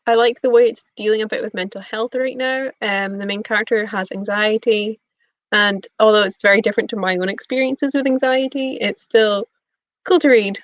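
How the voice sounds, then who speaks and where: Bubbly and giggly, a young woman who streams booktube content answers her chat in a casual live stream. Her voice is fairly high-pitched, with no echo, and the stream audio sounds dull and lo-fi.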